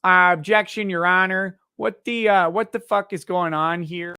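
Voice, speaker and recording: A man's voice: high-pitched, steady tone, normal speed, bright, forceful tone, clear, resonant tone, dry recording, studio quality. A man impersonating an exasperated, brash male lawyer who makes a profane mock-courtroom outburst.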